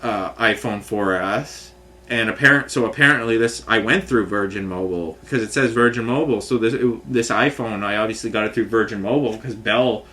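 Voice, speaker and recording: A vlogger with a lowish voice and a sharp tone talks fairly quickly as he vents to the camera. His frustrated rant runs on in long sentences packed with filler phrases.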